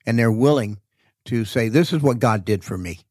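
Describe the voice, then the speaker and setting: Animated storytelling preacher, a man. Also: medium pitch, normal speed, dry recording. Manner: animated storyteller, acts out quoted dialogue. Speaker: preacher and author guest. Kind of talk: casual storytelling interview.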